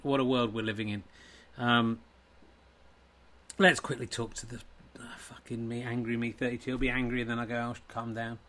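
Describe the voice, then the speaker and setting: A man hosting and commentating his own comic snooker tournament in an excitable, sweary, self-mocking way. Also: mid-range voice, moderate pace.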